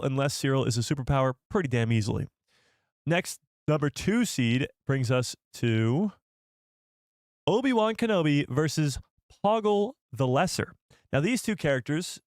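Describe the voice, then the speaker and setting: A man's voice: medium pitch, no room sound. A man hosts a live stream in a loose, rambling chat. His voice sits mid-range and sounds dry and close to the mic. He often trips over his words and corrects himself. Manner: chatty, rambling, self-correcting. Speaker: host of a live show. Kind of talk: casual live-stream commentary.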